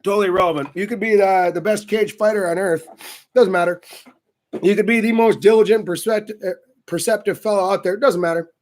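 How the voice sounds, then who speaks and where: A man hosting his own vlog, telling a story in a casual, animated and profane way, with a sardonic edge. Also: sits high, fairly quick. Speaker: vlog host answering viewer questions.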